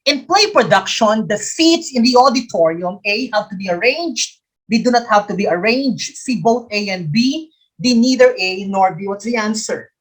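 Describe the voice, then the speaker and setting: A woman's voice: mid-range voice, expressive, moderate pace. A woman with a Filipino accent teaching a live exam review quiz, repeating each question and answer and slipping into Tagalog. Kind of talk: live online quiz coaching.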